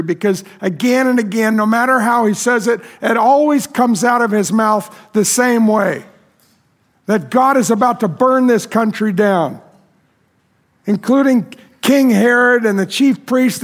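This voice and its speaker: Male pastor, high voice, dramatic storytelling sermon. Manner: vivid, dramatic storytelling with pauses.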